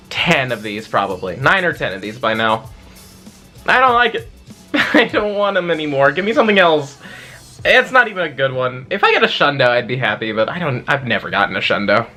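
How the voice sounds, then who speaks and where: A young man vlogging his mobile game hunt in a chatty, excitable way, talking straight to his viewers. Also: fairly high pitch. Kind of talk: casual gameplay vlog.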